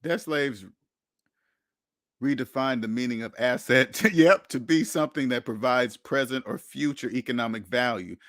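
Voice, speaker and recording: A man's voice: mid-range voice, moderate pace, a bit bright, dry recording, studio quality. A man hosting a live money chat, talking casually and animatedly, repeating himself and acting out the people he quotes. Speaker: channel host answering chat.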